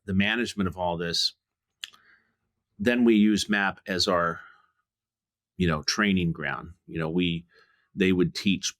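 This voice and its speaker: A man's voice: low-pitched, a bit bright, dry recording, studio quality. A middle-aged man, a business owner, answering interview questions in a frank, rambling way with many restarts. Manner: rambling, restarts often, frank with mild profanity. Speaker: guest, home services business owner.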